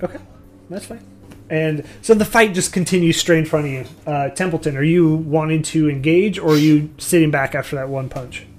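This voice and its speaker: A man's voice: on the high side, moderate pace. Man narrating as game master. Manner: loose, rambling narration with restarts.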